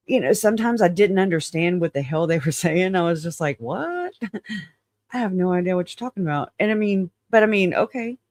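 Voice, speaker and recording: A man's voice: on the high side, no room sound. A man hosting his channel in casual livestream chat, frank and rambling, often laughing and hedging claims as alleged. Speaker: channel host.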